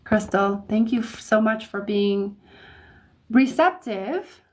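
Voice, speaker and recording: A woman giving a live-streamed tarot reading, talking in a chatty, easygoing way, often checking in with "okay?" and laughing softly between phrases. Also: mid-range voice, animated, slow. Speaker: psychic reader. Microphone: phone or desk mic on livestream.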